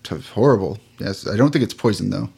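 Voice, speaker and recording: A man voicing a courtly, formal gentleman who speaks in stiff, measured phrases. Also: on the low side, animated, creaky, breathy edge, full character voice. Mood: mock-formal.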